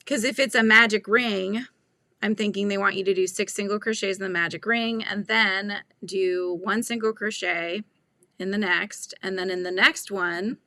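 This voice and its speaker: A crochet livestream host from California thinks aloud and walks viewers through pattern steps. She has a mid-range, fairly even voice at normal speed, pushed and bright, with no room sound.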